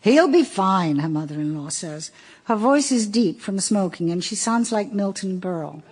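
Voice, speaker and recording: A woman narrating an audiobook in a wry, measured storytelling voice. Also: lowish voice, lively intonation, a little mellow, slightly rough. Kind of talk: audiobook reading.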